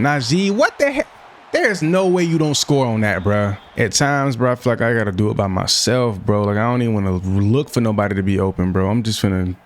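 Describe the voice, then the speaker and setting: A young man giving casual commentary over a football video game, often frustrated and venting as he plays. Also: lowish voice. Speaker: gaming YouTuber.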